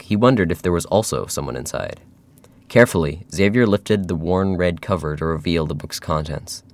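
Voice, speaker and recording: A man narrating a scripted adventure story in a steady, measured way. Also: sits low, slight background noise, poor audio.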